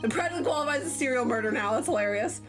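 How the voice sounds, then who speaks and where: A woman's voice: high voice, expressive, very fast. Playful woman streaming a game. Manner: playful, joking asides. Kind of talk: casual live-stream commentary. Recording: game music playing behind.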